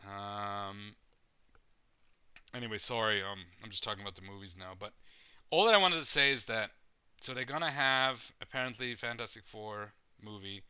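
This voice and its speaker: A man's voice: on the low side, pushed and bright, clear, resonant tone, no echo. A man hosting a podcast, chatting casually and rambling with hedging fillers. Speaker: podcast host.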